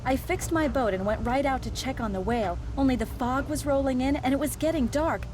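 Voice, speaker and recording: Woman voicing panicked young hostage, high voice, noisy game audio. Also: brisk, natural voice. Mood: frightened. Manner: panicked, urgent. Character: frightened young woman held captive.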